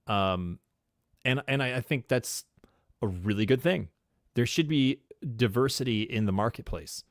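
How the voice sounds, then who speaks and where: A man with a New York accent co-hosting a casual live-streamed podcast, excitable and rambling, laughing often. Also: medium pitch, measured pace, no room sound, clean studio sound. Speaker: podcast co-host.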